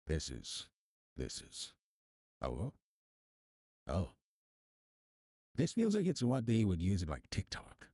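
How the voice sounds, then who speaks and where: A man speaking through an AI voice changer that turns him into a deep male narrator voice, chatting casually and fumbling over his words. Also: huge pitch swings, slow pace, long pauses, mellow, long reverb tail, heavily acted. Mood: amused. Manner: self-mocking, amused, fumbling over words. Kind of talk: casual live-stream chat.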